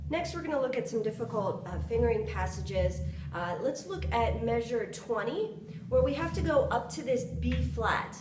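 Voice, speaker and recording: Flute playing sounds in the background as a woman instructor counts beats and sings articulation syllables during a lesson. She speaks at a moderate pace, on the high side with lively intonation. Her voice is distant in an echoey room, with background noise.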